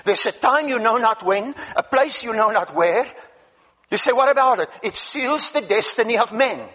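A man's voice: very high-pitched, animated, moderate pace, sharp tone. A man from Africa preaching a sermon as a guest speaker, emphatic, asking the congregation questions and repeating words.

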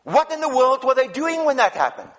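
Guest preacher guy, really high voice, emphatic, keeps asking the crowd questions. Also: sing-song, fairly quick, fairly bright tone. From Africa. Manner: emphatic, repeats words, asks the congregation questions. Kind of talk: sermon.

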